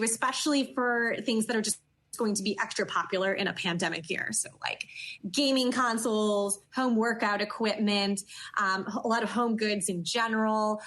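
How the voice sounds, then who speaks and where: A woman guest who gives a shopping expert's answers in an interview, measured and with frequent fillers. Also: mid-range voice, fairly bright tone.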